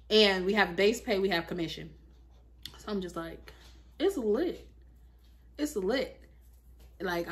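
A woman in her thirties chatting casually in a home vlog, animated and talkative, full of fillers like "like" and "you feel me". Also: medium pitch. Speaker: lifestyle vlogger.

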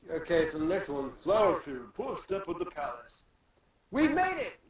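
A man's voice: on the high side, expressive, normal speed. A young man co-hosting a casual podcast, loosely retelling a comic chapter. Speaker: podcast co-host. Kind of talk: casual chat recapping a manga chapter. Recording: distant, echoey, lo-fi, with chatter behind.

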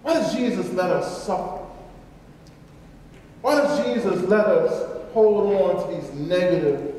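A man's voice: sits high, measured pace, dark tone, slight background noise. A man preaching a sermon as pastor, emphatic and repetitive, in a large church. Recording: echoey church hall from far off.

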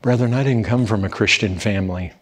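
Man, preacher, husky voice, pleading, fervent sermon. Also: fairly low pitch, a little fast. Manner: pleading, urgent, repeats "brethren".

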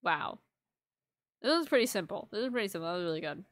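A woman's voice: mid-range voice, animated, fast talker, fairly bright tone, no room sound. A woman streaming live, chatting casually with her viewers and teasing them in a playful, mock-offended way. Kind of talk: casual livestream chat with viewers.

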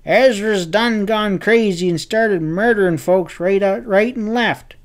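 Male narrator puts on a jittery older frontier gossip, pitched up and loud, rushing news in a folksy drawl. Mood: alarmed.

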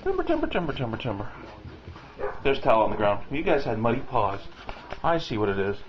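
A man filming his dogs at home, coaxing them in high baby talk and chatting casually to the camera. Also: lively intonation, a little fast, muffled recording, a little hiss or hum. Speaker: dog owner filming his pets.

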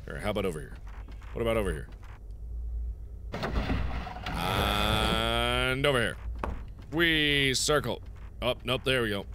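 A man giving running commentary on a horror game playthrough. He mutters to himself as he explores and shouts taunts at the ghosts on screen. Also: medium pitch, sing-song, quick pace, background noise. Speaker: gaming video host. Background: loud game music.

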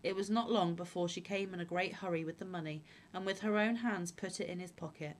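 A woman reading fairy tales aloud in a calm, measured storytelling voice. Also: lowish voice, slight background noise. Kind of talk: fairy-tale read-aloud.

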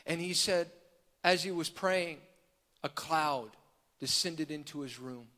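A male preacher with a fairly high, bright voice tells a story at a slow, deliberate pace. He builds from quiet telling to fervent shouting. Long reverb from the large church hall trails after each phrase. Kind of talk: sermon storytelling.

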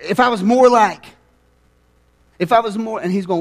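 High-voiced man preaching. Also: moderate pace, long pauses. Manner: animated preaching, rising to near-shouts and dropping low. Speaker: pastor. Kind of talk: sermon.

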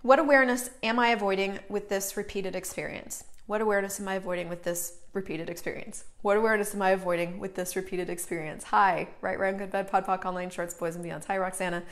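A woman's voice: mid-range voice, fairly even intonation, fast, few pauses. A middle-aged woman hosting a live stream, talking casually and greeting viewers by name as she goes. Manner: chatty, greets viewers by name mid-sentence.

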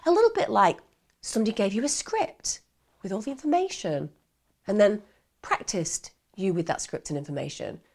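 Lively woman narrating true crime. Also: mid-range voice. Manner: animated, chatty, addresses viewers directly.

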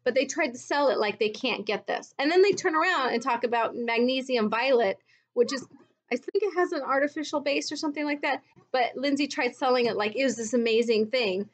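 A woman with a fairly high voice talks straight to camera in a casual commentary video. She is blunt and exasperated and drops in mocking asides. She is recorded at home. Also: brisk. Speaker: vlogger recounting her MLM experience.

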